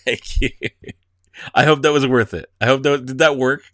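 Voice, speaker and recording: A man hosting a casual livestream chats with his viewers in a medium-pitched, fairly bright voice at a moderate pace. He giggles, rambles, and restarts his sentences a lot, and the recording is studio quality with no room sound.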